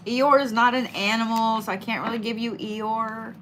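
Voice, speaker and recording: A woman's voice: fairly high pitch, steady tone, normal speed, few pauses, noisy background. A middle-aged woman giving casual, playful zodiac tarot readings, swearing freely and hyping up her listeners. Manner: swearing, playful, hyped-up and chatty.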